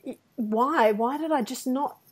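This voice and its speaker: Woman, slightly high voice, casual storytelling, self-deprecating. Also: measured pace, husky. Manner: animated anecdotes with acted-out quotes and self-deprecating laughs. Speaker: podcast co-host.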